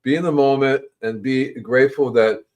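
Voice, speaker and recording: A man's voice: steady tone, normal speed, a little mellow. Rambling man chatting on a gardening stream. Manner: rambling, repeats words, acts out animals in squeaky voices. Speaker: gardening show host. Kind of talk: casual livestream chat.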